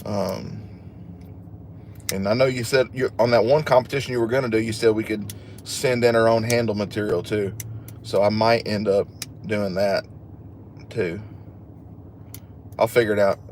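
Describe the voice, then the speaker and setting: A man's voice: lowish voice, steady tone, normal speed, long pauses, darkish tone, slight background noise. A man hosting a casual livestream, chatting with viewers and joking at his own expense. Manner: chatty and joking, laughs at himself. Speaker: livestream host. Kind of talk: casual live chat, reading viewer comments.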